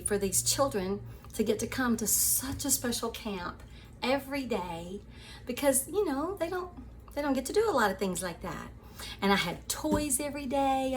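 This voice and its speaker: A woman hosting her own show, telling a personal story to her viewers in a chatty, animated way, often laughing and calling them sweeties. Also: mid-range voice, slight background noise. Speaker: show host.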